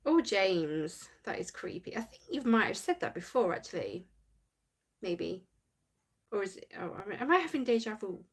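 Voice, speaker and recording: A woman's voice: mid-range voice, very animated, moderate pace, husky. A woman hosting a casual livestream, chatting and giggling as she reads viewer comments aloud. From United Kingdom. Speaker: livestream host reading chat.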